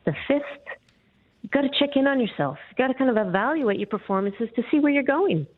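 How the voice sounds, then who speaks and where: A woman guest giving calm, measured explanations in a radio interview. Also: sits high, dry recording. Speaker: guest author. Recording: tinny dry phone line.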